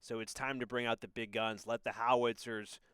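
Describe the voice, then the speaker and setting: A man doing live play-by-play commentary on a darts match, excitable and prone to loud exclamations on a close mic. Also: mid-range voice, normal speed, smooth, no echo. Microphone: close mic, apologizes for being too loud.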